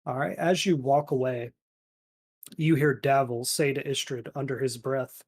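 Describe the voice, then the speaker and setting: A man running a tabletop game in a relaxed, halting way. His pitch is middling, and he fills pauses with ums and uhs as he describes the scene. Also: husky, dry recording. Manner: relaxed, filler-heavy. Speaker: game master.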